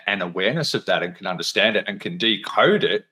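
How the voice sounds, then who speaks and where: A man hosts a casual interview in a low voice with a bright, forceful edge. He sounds enthusiastic and builds his points out loud, restarting as he goes. He keeps the chat easygoing. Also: animated, quick pace. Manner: enthusiastic, thinks aloud in restarts. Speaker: podcast host.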